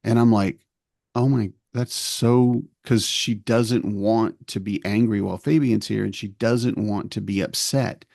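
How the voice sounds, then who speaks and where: A man's voice: fairly low pitch, fairly even intonation, a little slow, creaky, darkish tone, dry recording, clean studio sound. A middle-aged man co-hosting a podcast, rambling through a family story and acting out the lines of the people in it. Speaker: podcast co-host. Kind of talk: casual chat.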